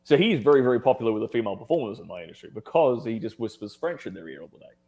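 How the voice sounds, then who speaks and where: An Australian man telling stories as a guest in a casual conversation, animated and laughing often. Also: medium pitch, very fast.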